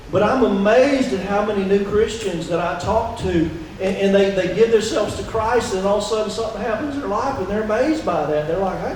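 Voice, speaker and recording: High-voiced pastor preaching in an echoey church. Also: male voice, fairly quick, slight background noise. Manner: conversational, asks the congregation questions. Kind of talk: sermon. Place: church sanctuary. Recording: echoey church hall from a distance.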